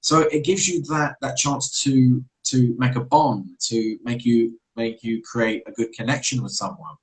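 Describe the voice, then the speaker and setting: A man from England with a London accent, an English teacher giving encouraging advice in a relaxed interview chat, with easy hesitations. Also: mid-range voice, measured pace, poor audio.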